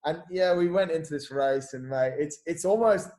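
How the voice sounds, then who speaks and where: A man, a podcast guest and coach telling stories in casual, animated chat, swearing and saying "mate" a lot. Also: on the high side, moderate pace.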